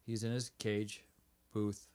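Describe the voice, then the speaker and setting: A man co-hosting a podcast, calmly agreeing and adding points about a TV episode. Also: on the low side, slow. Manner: calm, agreeing, short replies. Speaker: podcast co-host. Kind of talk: casual discussion of a TV episode.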